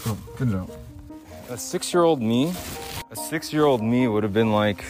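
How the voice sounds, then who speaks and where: Faint music plays behind an older man hosting his own podcast from a makeshift vocal booth, his mid-range, slightly mellow voice moving at normal speed with lively intonation. He rambles casually, switching topics and chuckling often.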